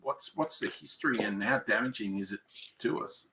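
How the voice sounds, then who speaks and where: A man's voice: fairly low pitch, normal speed, pushed and bright, rough recording. A man co-hosting a podcast in casual, rambling chat full of fillers. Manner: rambling, chatty, many fillers. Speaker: podcast co-host.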